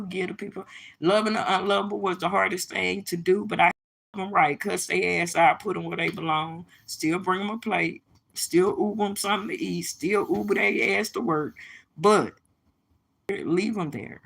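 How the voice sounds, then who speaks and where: A woman's voice: on the low side, creaky, sharp tone, breathy edge. A middle-aged woman holding forth on a livestream, emphatic and preachy, blunt and profane, talking straight to her viewers. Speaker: livestream host. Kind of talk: casual livestream monologue.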